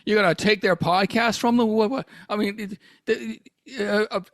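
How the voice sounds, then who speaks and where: A man's voice: high-pitched, steady tone, moderate pace, fairly bright tone, no room sound, clean studio sound. A man doing a comedic impression of a stammering, folksy old-time film leading man, drawling and pleading.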